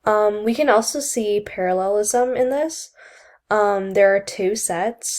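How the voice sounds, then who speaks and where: A woman's voice: medium pitch, slow pace, a little mellow. A young woman giving a school presentation on a poem, reading carefully from notes with occasional fillers. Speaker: student presenter.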